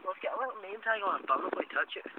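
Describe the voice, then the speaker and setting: A man's voice: high-pitched, lively intonation, very fast. A man talking casually and a bit hesitantly with a friend while walking outdoors. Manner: cautious, hesitant. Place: outdoors on rural paths. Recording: phone-like sound with clear background noise.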